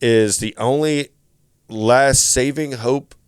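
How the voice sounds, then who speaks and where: A man hosting a casual podcast, walking through a movie scene by scene with lively, profane energy. His voice is smooth and clear, recorded close and dry, at an ordinary middle pitch. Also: dry recording. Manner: animated, swearing, quick recapping with laughs. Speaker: podcast host. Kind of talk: casual movie recap chat.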